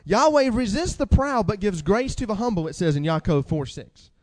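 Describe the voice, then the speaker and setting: A man preaching a sermon with animated delivery, asking the congregation questions and reading scripture aloud. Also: high voice, normal speed, in a large hall.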